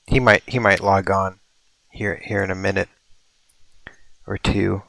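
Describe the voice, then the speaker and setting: A male streamer with a gravelly, low voice, thinking aloud in a slow, unhurried drawl. He muses over his building, now and then drifting into playful mock-mystical asides. The sound is dry and close. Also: little pitch movement, fairly bright tone, dry recording. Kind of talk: casual livestream commentary.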